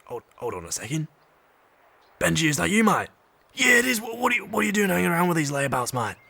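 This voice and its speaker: A man voicing a brash, bossy male snail in an audiobook drama, blustering and quick to scold. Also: on the low side, pushed and bright. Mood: indignant.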